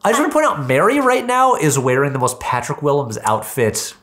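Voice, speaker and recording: A man from upstate New York hosting a casual question-and-answer chat, playful and joking, with quick restarts. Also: fairly high pitch, wildly swooping pitch, a bit bright. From Saratoga Springs, New York. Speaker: host.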